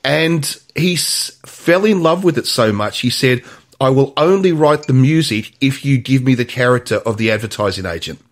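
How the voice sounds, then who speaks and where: A man's voice: medium pitch, expressive, moderate pace. A man co-hosting a podcast, talking about films in a rambling, casual way with lots of restarts. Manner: rambling, many restarts and fillers. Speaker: podcast co-host. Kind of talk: casual film chat.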